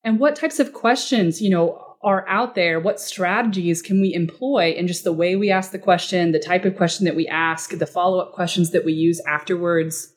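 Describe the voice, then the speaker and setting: A woman speaking as a guest expert in a podcast interview, casual and animated, often acting out short quoted exchanges. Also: on the low side, normal speed, few pauses. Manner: animated, acts out client dialogue in quoted voices; casual, uses fillers like "like" and "you know".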